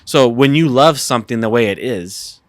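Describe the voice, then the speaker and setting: A man's voice: medium pitch, expressive, normal speed, no echo, clean studio sound. A man co-hosting a casual podcast, earnestly explaining his opinions. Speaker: podcast co-host.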